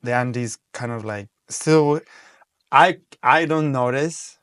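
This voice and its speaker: A man's voice: medium pitch, slow pace, fairly bright tone, smooth, no echo. A man from Cusco, Peru, with a Peruvian accent, who hosts a casual interview in a playful way and mixes English and Spanish. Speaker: interview host.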